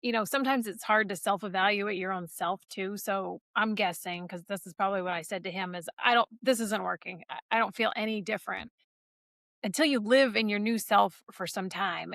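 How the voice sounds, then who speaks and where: A woman's voice: medium pitch, a bit bright, no echo, clean studio sound. A woman co-hosting a podcast who talks casually and reflectively, drawing on her own experience. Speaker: podcast co-host.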